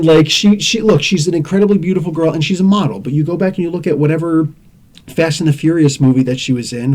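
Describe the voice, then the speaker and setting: A man in his forties hosting a podcast in a rambling, animated rant, laughing often and swearing now and then. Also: on the high side. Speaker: podcast host. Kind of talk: casual rant.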